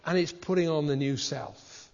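A man's voice: a little high, normal speed, vocal fry, a little mellow. A man preaching a sermon in a conversational way, asking his listeners questions. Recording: dull recording with hall reverb.

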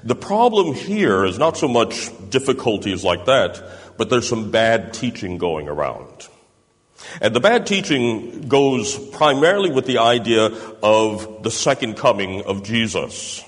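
A man's voice: medium pitch, big pitch swings, measured pace. A man preaching a sermon, explaining step by step and checking in with tag questions like "doesn't it?". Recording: reverberant hall.

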